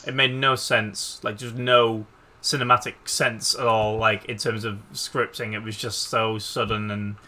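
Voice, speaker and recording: Sharp, bright-voiced man. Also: lowish voice, little pitch movement, unhurried. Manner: sweary, exclamatory. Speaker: podcast co-host. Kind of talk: casual chat while gaming.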